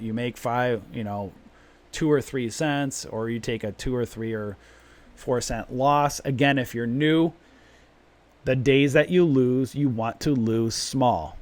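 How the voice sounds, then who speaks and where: A man hosting a live trading stream, talking emphatically and repeating his points in a long rant. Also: medium pitch. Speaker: trading room host.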